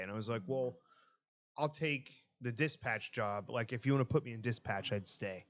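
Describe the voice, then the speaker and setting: A man swaps stories on a casual podcast. He is profane and animated and jumps into other people's voices as he tells it. His voice sits in an ordinary middle range. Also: mid-range voice, a little fast. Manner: profane, animated storyteller acting out quotes. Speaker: podcast co-host. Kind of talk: casual storytelling chat.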